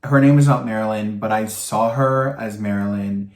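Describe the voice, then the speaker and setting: A man vlogging while doing his makeup, chatting in a campy, animated way with big swoops in pitch and frequent "girl" and "honey.". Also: moderate pace. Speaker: makeup vlogger demonstrating products. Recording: echoey room.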